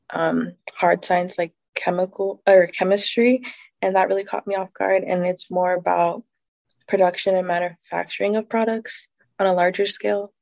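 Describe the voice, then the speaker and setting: A woman in her twenties from Colorado, a student guest speaking briskly and directly. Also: gravelly, a little mellow, no echo. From Colorado, USA. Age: 20s. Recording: dry, dull low-fi sound.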